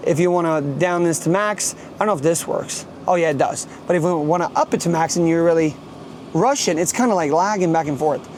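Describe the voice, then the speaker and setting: A man's voice: fairly high pitch, darkish tone, a little hiss or hum. A man vlogging as a truck driver, chatting loosely and rambling with lots of fillers, filmed on a handheld camera by his truck and in the cab. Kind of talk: casual vlog walkthrough. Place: outdoors beside a truck, then in the cab.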